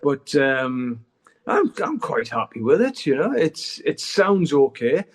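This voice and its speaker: A man's voice: mid-range voice, very animated, takes it slowly, slightly rough. A middle-aged man, chatting candidly as an interview guest and swearing freely as he rambles. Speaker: guest musician. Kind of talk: casual interview chat.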